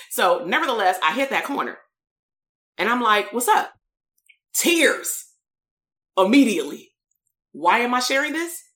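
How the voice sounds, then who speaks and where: A woman's voice: medium pitch, fairly bright tone, roomy sound. A woman, a coach and therapist telling a story in a blunt, emphatic live-streamed motivational talk.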